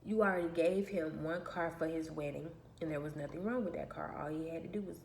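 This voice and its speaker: A woman's voice: low voice, a little fast, creaky, few pauses. A woman vlogger telling a personal story in an emphatic, aggrieved way, repeating her phrases, in an echoey room. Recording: echoey room with faint background noise.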